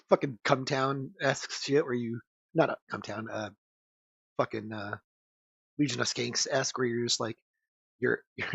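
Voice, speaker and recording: A man's voice: medium pitch, vocal fry, a bit bright, breathy edge, no room sound. A man on a casual podcast, rambling in crude banter with lots of fillers and swearing. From United States. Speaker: podcast co-host. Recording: dull lo-fi dry sound.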